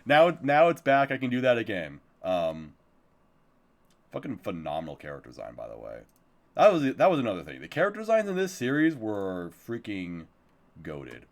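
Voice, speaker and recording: Guy doing a casual live stream about anime, super lively up-and-down voice, cusses a lot and laughs. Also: lowish voice, normal speed. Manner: animated, swears freely, laughs often.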